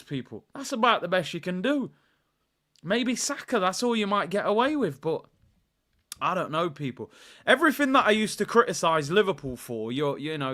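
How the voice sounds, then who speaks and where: A young man talks to his stream audience in a loose, rambling way. His voice sits high and swings widely in pitch, bright and forward in tone. He drifts between quiet asides and sudden excited shouts. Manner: animated, rambling, playful, bursts into high shouts. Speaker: football watchalong host. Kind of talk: casual live-stream chat.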